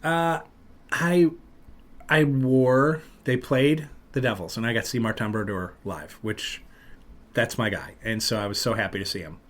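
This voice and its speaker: A man hosting a podcast, telling a long story in casual chat and loudly acting out what people said. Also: medium pitch, a little slow. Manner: animated, acts out loud quotes of other people. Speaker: podcast host.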